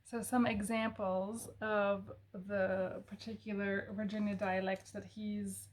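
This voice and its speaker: A woman chats about a book she loves in a slow, unhurried way. She muses aloud, stops to search for words, and corrects herself as she goes. Her voice sits at an ordinary middle pitch. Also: little pitch movement. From American South family. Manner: thoughtful, musing, with fillers and self-corrections. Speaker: book reviewer. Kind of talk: casual book recommendation talk.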